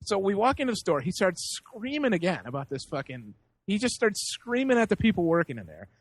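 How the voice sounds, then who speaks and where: A man guesting on a casual podcast who tells his anecdotes in a high, lively voice. He swears freely and laughs through the story, and the sound is close and dry. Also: fairly quick, dry recording.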